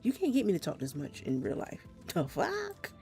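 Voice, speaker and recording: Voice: medium pitch, sing-song, fast talker, mellow, soft background music. Rambling, frank streamer with a slight Trinidadian lilt. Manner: rambling, frank and profane, many restarts. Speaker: gameplay streamer. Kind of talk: casual live-stream chat. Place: home, South Florida.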